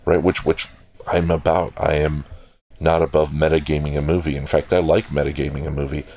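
A man's voice: very deep voice, darkish tone, no room sound. A man hosting a casual, digressive film talk, swearing freely and correcting himself as he goes. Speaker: podcast host reviewing a film. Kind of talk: casual rambling film commentary.

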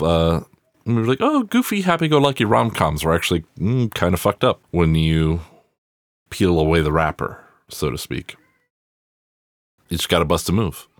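Very deep-voiced, profane podcast host. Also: male voice, no room sound, studio quality. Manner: profane, wry, rambling asides. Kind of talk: casual solo movie review.

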